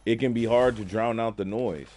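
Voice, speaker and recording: Man with a low voice, laid-back, slangy, gameplay commentary mixed with life advice. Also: normal speed, darkish tone. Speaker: gaming streamer. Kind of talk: casual gameplay commentary with storytelling.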